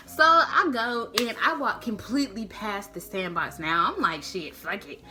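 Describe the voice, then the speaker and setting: A woman's voice: medium pitch, moderate pace, faint music behind. A woman telling a casual, slangy, profane story to camera, acting out the people in it. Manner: slangy, profane, animated, acts out quotes. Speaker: storytime vlogger.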